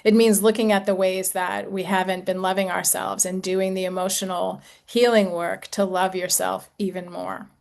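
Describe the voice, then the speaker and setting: Gentle woman in her sixties, coaching. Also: mid-range voice, level tone, moderate pace, vocal fry, hardly any pauses. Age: 60s. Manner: gentle, reflective, conversational with fillers. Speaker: intimacy coach. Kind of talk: talk to a group.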